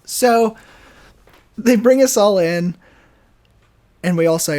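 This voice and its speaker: Young man, podcast co-host, casual storytelling, animated, lots of fillers. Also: high voice, slow, pauses often. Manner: animated, filler-heavy storytelling with many restarts.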